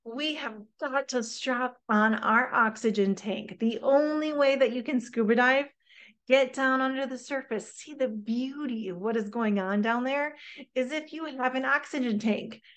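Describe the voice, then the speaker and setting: Middle-aged woman workshop presenter, slightly high voice, chatty and engaging. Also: unhurried. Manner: lively, conversational, checks in with listeners.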